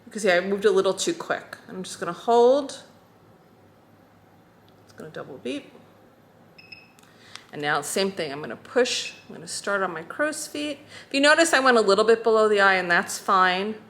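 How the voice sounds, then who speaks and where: A woman teaching a skincare routine, calmly talking through each step as she demonstrates it. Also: mid-range voice, moderate pace, long pauses. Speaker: skincare instructor.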